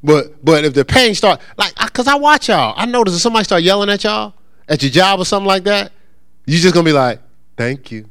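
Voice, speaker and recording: A male pastor teaches a congregation, and his pitch swings up and down with animation. His voice is a little high for a man and is recorded dry and close, with no room echo. He keeps checking in with the listeners and slips in humor. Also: animated, fast talker, fairly bright tone, clear, resonant tone. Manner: call-and-response, asks congregation to answer; humorous, acts out quoted voices. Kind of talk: interactive sermon teaching.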